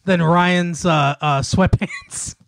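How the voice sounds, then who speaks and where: Slow, easygoing man telling stories. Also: fairly high pitch, fairly even intonation, gravelly, fairly bright tone, no echo, studio quality. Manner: laid-back storyteller, laughs often, many fillers. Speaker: podcast co-host. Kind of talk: casual chat.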